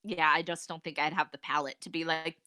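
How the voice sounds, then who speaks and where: A woman co-hosting a casual podcast, bubbly and exclamatory, quick to laugh. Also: low-pitched, fairly even intonation, bright, forceful tone, no echo, studio quality. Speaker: podcast co-host. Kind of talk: casual chat.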